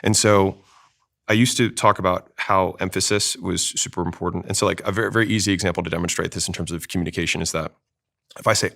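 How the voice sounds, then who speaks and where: Male sales teacher on a panel; very low, fast, emphatic delivery. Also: gravelly, a bit bright. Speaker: sales expert guest. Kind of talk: panel discussion.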